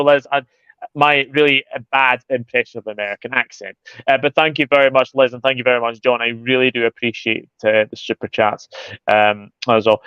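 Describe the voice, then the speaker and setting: Male host, casual livestream chat, smooth voice, slightly muffled dry recording. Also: mid-range voice, a bit bright, dry recording. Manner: chatty, greets viewers by name, many fillers. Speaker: football channel host reading live chat.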